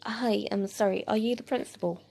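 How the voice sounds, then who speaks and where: A woman's voice: medium pitch, fairly quick, gravelly, a little mellow, slight background noise, natural voice. A woman voicing a polite, hesitant teenage exchange student who apologizes a lot. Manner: apologetic and unsure.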